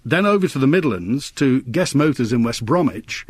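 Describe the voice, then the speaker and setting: A man who works as a voice-over artist, recalling his work in a lively, anecdotal interview. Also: mid-range voice, moderate pace, few pauses, husky, no echo. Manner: lively storyteller, vivid turns of phrase.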